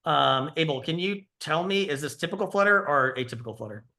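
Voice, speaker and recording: A man's voice: on the high side, lively intonation, brisk, sharp tone. A middle-aged man giving a conversational teaching lecture, explaining and quizzing his audience. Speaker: cardiology lecturer.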